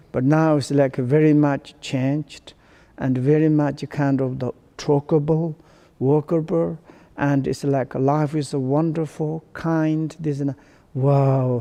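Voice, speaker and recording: Gravelly, mellow-voiced Buddhist teacher, man. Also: medium pitch. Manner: halting non-native English with many restarts. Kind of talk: dharma teaching to students.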